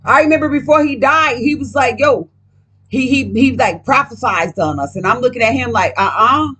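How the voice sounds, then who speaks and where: High, bright-voiced profane woman vlogger. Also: normal speed, slightly rough. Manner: profane, emphatic, rambling, addresses viewers directly. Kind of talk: casual tarot reading rant.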